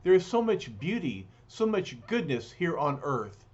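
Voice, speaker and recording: A man voicing a gentle, kind young blind woman in a soft, earnest, raised voice. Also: fairly high pitch, very animated, measured pace, a little hiss or hum. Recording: dull lo-fi recording.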